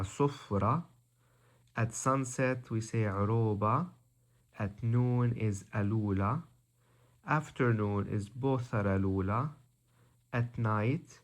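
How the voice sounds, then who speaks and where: A man teaching a vocabulary lesson, slow and methodical, repeating each word. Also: mid-range voice. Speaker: language teacher.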